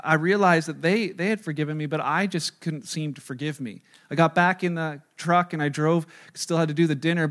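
A middle-aged man preaches in a fairly high voice. He tells a self-deprecating story and acts out each side of the dialogue. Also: a bit bright. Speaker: pastor. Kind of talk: sermon storytelling.

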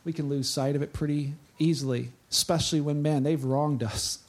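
A man's voice: fairly high pitch, fairly even intonation, a little fast. A male pastor preaching a sermon in a conversational, chatty way. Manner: conversational, chatty, with frequent "like" asides.

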